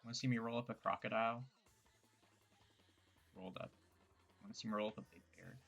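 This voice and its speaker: A man's voice: fairly low pitch, fairly even intonation, a little fast, gravelly, fairly bright tone, slightly rough, soft background music. A young man giving loose, joking commentary while playing a game, rambling and poking fun at his own words. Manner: rambling, joking, self-mocking asides. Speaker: gameplay streamer. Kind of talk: casual gameplay commentary.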